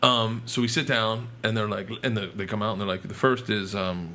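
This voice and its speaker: A man, a podcast guest, telling a wild story loudly and profanely, breaking into shouts. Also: fairly low pitch, fairly even intonation, fairly quick. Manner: loud, profane, shouts in bursts. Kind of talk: animated storytelling.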